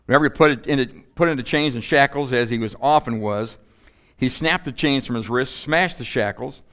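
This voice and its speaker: A man preaching in a church with an animated, playful delivery. His voice sits in a middle pitch range. He asks his audience rhetorical questions and adds humorous asides. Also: a little fast. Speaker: pastor. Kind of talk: sermon.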